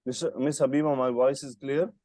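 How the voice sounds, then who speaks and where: A man's voice: medium pitch, flat delivery, normal speed, warm tone, no echo, studio quality. A man teaching Arabic grammar in an online lesson, patiently quizzing his student with short questions over a call. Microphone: computer mic on a video call.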